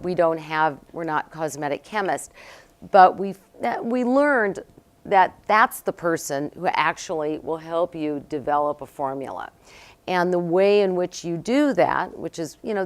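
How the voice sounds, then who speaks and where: A middle-aged woman, a company co-founder, telling her business story in an animated, conversational interview. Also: sits low. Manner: animated storyteller, acts out quotes.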